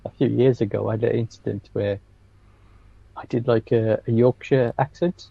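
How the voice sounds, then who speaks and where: A man's voice: medium pitch, steady tone, normal speed, creaky, mellow, no echo, dull audio. A man co-hosting a podcast, chatting casually and telling anecdotes with frequent laughs. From England. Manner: anecdotal storyteller, laughs often. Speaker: podcast co-host, stand-up comedian. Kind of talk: casual chat.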